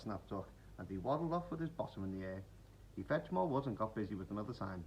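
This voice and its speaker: A man reading a children's picture book aloud in an expressive bedtime-story manner. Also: lowish voice, fast, a little hiss or hum, poor audio. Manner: animated, expressive.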